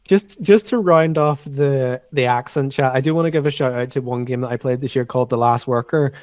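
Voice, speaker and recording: A man's voice: medium pitch, fairly quick, a little mellow, no room sound, clean studio sound. A man co-hosting a game podcast, giving opinions and teasing the others. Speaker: podcast co-host. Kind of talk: casual chat about games.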